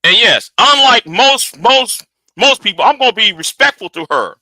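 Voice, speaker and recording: A man hosting a live reaction stream, his voice high and swooping up and down. The tone is bright and sharp, and the sound is dry and close. He talks excitably, repeating words as he builds up to a point. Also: moderate pace, dry recording.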